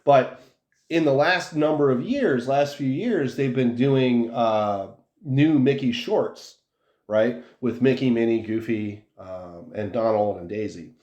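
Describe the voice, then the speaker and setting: Brief: mid-pitched male podcast host, rambling and loose, roomy echo. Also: slow pace, a little mellow. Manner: rambling, many fillers. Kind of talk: casual chat.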